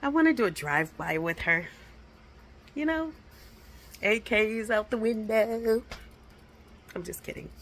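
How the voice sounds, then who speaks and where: A woman's voice: fairly high pitch, animated, measured pace, long pauses, a bit bright. A woman chatting bluntly in a casual home vlog from her kitchen, swearing freely and talking with her lips barely open. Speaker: vlogger.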